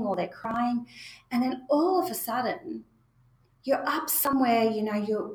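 A woman giving a spoken parenting lesson, talking straight to parents in a reassuring way. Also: medium pitch. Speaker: parenting educator. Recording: echoey room.

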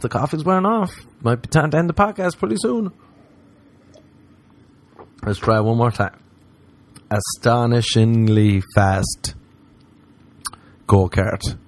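Rambling Irish man with a lowish voice. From Ireland. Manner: animated, swears freely, jumps between tangents. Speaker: podcast host and comedian. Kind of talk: casual rambling monologue.

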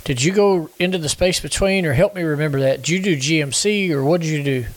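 A man's voice: on the high side, fast, dry recording. A man hosting a podcast, putting easygoing questions to his guest. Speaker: podcast host. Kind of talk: interview questions.

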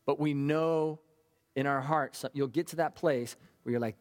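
A male pastor preaching with fervent, emphatic conviction. His voice sits at an ordinary middle pitch, and he drives hard on his key phrases. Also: normal speed. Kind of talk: sermon.

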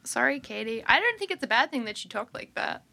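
Brief: Australian woman guest, bright, crisp tone, dry understated humor in casual chat. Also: fairly high pitch, big pitch swings, brisk. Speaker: podcast guest, musician.

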